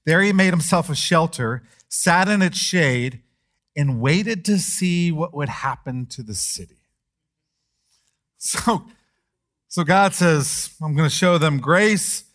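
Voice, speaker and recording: A middle-aged male pastor delivering a sermon in a slightly higher-than-usual voice. He preaches with animation, rising in pitch and force as he acts out the speakers of the text. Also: lively intonation, slow, pauses often, fairly bright tone.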